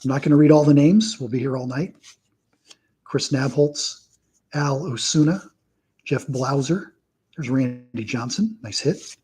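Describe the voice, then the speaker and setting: A man with a very husky, breathy voice at an everyday middle pitch hosts a casual live stream. He reads through a long run of names at an even clip and adds dry little quips between them. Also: unhurried, pauses often, rough recording. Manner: reels off names in a steady list with dry, wry asides. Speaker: host.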